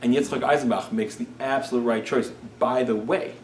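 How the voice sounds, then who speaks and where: A man's voice: mid-range voice, fairly even intonation, brisk, echoey room, far from the mic, a little hiss or hum. A man, a rabbi, telling a story in a Torah class and acting out the characters' lines.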